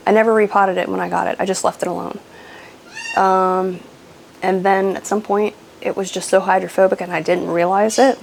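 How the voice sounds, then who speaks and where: Her mid-range voice is creaky and darkish as this houseplant channel host, a mother of a grown daughter, chats through a casual show-and-tell vlog. She's self-deprecating, laughs a lot and drifts off into ums, over low-quality audio with a little hiss or hum.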